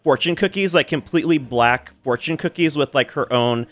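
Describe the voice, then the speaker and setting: A man's voice: fairly high pitch, moderate pace, a bit bright. A man co-hosting a radio show, telling stories in a chatty, profane way with lots of fillers. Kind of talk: casual chat.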